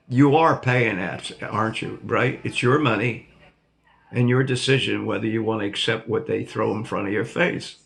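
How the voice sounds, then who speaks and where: A man's voice: medium pitch, normal speed, gravelly. An older man hosting his own vlog, telling a rambling, jokey story to his viewers and laughing at himself. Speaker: vlog host.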